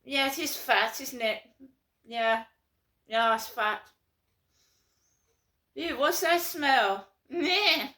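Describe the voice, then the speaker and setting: A woman's voice: sits high, extremely slow, pauses often, bright, forceful tone, pitched above the performer's own voice, heavily acted. A woman putting on the voice of a snooty, posh older woman who drawls and squeals in disgust. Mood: sneering.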